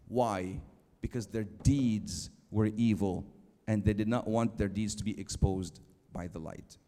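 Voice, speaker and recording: A man giving a church youth lecture, emphatic, slowing down for quotes and asking the audience questions. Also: lowish voice, animated, a little mellow. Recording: long hall reverb.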